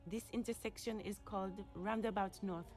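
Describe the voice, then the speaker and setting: A woman's voice: medium pitch, steady tone, normal speed, a little mellow, faint music behind, natural voice. An actress voicing a helpful local woman in a detective game, polite and matter-of-fact. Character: helpful local woman giving directions, casual.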